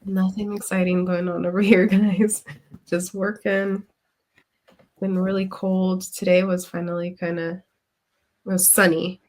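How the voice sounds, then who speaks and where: A woman's voice: lowish voice, level tone, a little slow, a little mellow. A woman co-hosting a podcast, rambling casually with frequent laughs and the odd swear. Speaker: podcast co-host. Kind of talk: casual chat.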